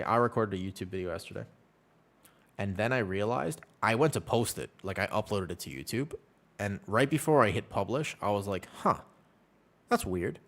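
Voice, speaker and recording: A man streaming from home, chatting casually and rambling with his viewers. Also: lowish voice. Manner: rambling, relaxed, chats with viewers. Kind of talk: casual chat with chat while gaming. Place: at home with a cat.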